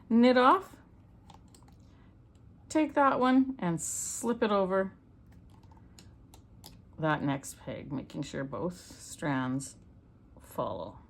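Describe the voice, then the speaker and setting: With slight background noise behind her mid-range voice, a middle-aged Canadian woman gives a hands-on loom knitting tutorial. She's chatty and homey, walking through each step as she works.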